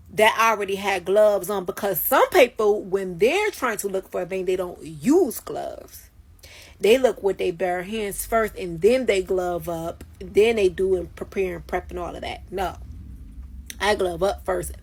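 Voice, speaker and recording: A woman's voice: medium pitch, breathy edge. A woman telling a story from her work night in a casual, profane and emphatic way, talking into a phone she holds. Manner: profane, emphatic, dramatic retelling.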